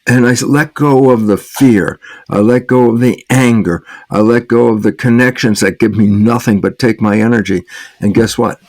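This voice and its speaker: A man's voice: medium pitch, normal speed, darkish tone, no echo. A man answering as an interview guest and author, acting out the back-and-forth of quoted conversations and chuckling often as he talks.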